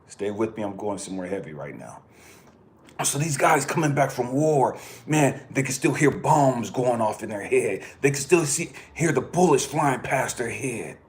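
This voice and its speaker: A man from California speaking bluntly in a personal monologue, cursing freely and swinging from quiet remarks to impassioned outbursts. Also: mid-range voice, animated, normal speed. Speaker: channel host.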